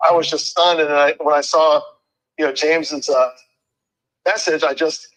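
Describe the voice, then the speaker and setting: A man in his fifties, a retired police officer, talking earnestly on a video call, halting and restarting his sentences often. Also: a little high, steady tone, a bit bright, poor audio. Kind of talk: casual talk show conversation.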